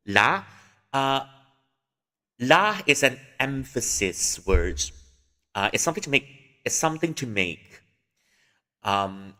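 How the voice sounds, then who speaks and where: A man's voice: fairly low pitch, sharp tone, big-room sound. Chatty man streaming a game. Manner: chatty, explains with examples, frequent fillers and restarts. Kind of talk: casual game livestream commentary.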